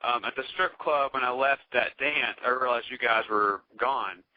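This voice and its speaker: A man's voice: medium pitch, normal speed, no room sound. A man with a Southern US accent from North Carolina, rambling through a profane story as a podcast guest. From Charlotte, North Carolina. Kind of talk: casual storytelling chat. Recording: dull, dry podcast audio.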